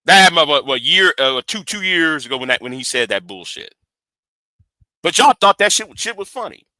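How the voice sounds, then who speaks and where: A man's voice: on the high side, big pitch swings, moderate pace, sharp tone, no room sound. A man hosting a livestream, giving heated commentary in an emphatic, profane way and repeating words when he gets worked up. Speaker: livestream host.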